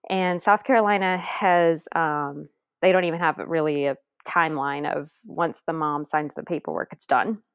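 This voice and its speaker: Brief: low, dry-voiced woman, earnest and tender personal storytelling, sometimes hushed. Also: moderate pace, smooth, no room sound. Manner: earnest, tender, drops to near-whisper at moments. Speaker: adoptive mother guest.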